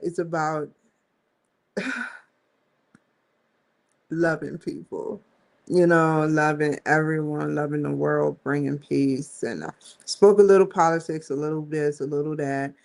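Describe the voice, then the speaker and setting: A woman's voice: deep voice, fairly even intonation, a little slow, creaky, long pauses, darkish tone. A woman hosting a casual live stream, rambling and slangy, often giggling as she talks. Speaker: host.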